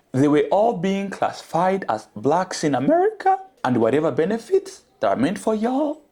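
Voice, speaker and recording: A man from Africa delivers a commentary monologue straight to his audience, earnest and a little preachy. His pitch rises and falls in lively swings. His tone stays mellow and dark. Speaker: commentary channel host.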